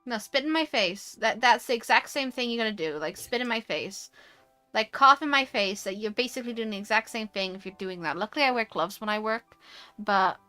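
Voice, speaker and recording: A British woman chatting casually on a stream, animated and quick to rant, swearing freely. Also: a little high, soft background music. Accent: British English. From United Kingdom. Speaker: VTuber streamer. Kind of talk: casual chat.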